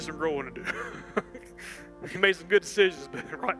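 A man preaching a sermon in a church, animated and folksy, full of restarts and asides. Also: on the high side, unhurried, long pauses, faint music behind, low-quality recording. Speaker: pastor. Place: church sanctuary.

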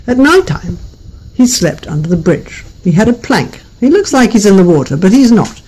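A man telling a folk tale in a gentle, unhurried and playful way. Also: high-pitched, sing-song, breathy edge, poor audio. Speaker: storyteller.

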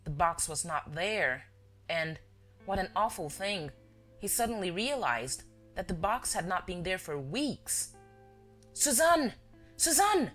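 A woman narrating a story in a measured, expressive reading. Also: on the low side. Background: faint music.

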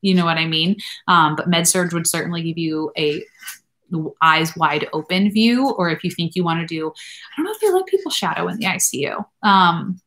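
A woman in her thirties hosts a live question-and-answer stream, answering viewers in a loose, rambling way full of fillers and side tangents. Her voice sits a little low for a woman. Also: animated, normal speed, a bit bright. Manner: rambling and chatty, many fillers and asides. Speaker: nurse practitioner and channel host.

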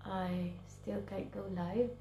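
A woman with a mid-range voice speaks slowly and fairly evenly, her tone warm, in an echoey room with slight background noise. She's an English teacher and vlogger, sick with a cold and self-quarantining in her bedroom at home, chatting casually to the camera. She sounds tired and often drops to a whisper.

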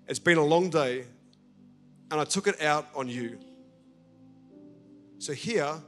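A tired working father snaps in short, irritated bursts, as a preacher acts him out. The voice is a fairly high male one, with faint music in the background. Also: slow. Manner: short-tempered, snapping.

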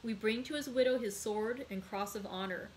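A woman reading the part of a calm, resolute young male sailor in a read-aloud book, in a plain reading voice. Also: on the high side, normal speed, slight background noise, lightly acted, low-quality recording. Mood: sorrowful.

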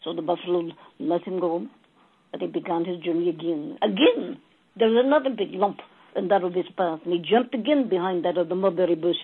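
A woman channeling a spiritual message, telling a fable slowly and calling her listeners beloved souls. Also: on the low side, husky. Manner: slow, storytelling, addressing listeners as beloved souls. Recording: tinny phone-like audio.

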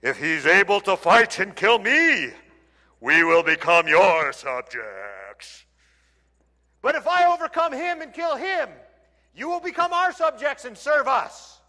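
A preacher acting out a boastful giant warrior shouting a challenge, in a hall with long reverb. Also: male voice, sing-song, takes it slowly, exaggerated voice. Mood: booming taunt. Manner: loud, booming challenge.

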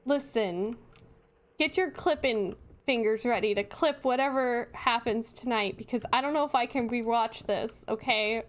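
A woman's voice: fairly high pitch, measured pace. A woman live-streaming a horror game, chatting and apologizing to viewers, laughing nervously and breaking into sudden screams. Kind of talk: casual live-stream chat.

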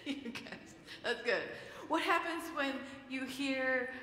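In an echoey church sanctuary with long reverb, a woman pastor leads prayer and then gives a playful, coaxing children's message during the service. Her voice sits high and is slow and sharp, with a little hiss or hum in the recording.

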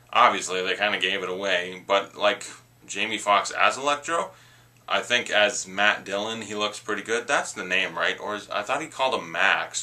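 A man's voice: fairly low pitch, sharp tone. A man reviewing movie trailers in a casual, rambling, opinionated rant.

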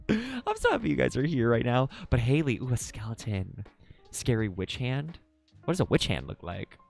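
A man streaming live while drawing, chatting casually with viewers, excitable, swearing a lot and laughing often. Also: medium pitch, moderate pace, creaky, faint music behind.

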